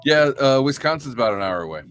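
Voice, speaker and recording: A man's voice: medium pitch, very animated, fast talker, a crowd in the background. A man from the Illinois-Iowa border, talking in a laid-back, casual way and laughing easily. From where Illinois and Iowa meet. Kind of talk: casual chat.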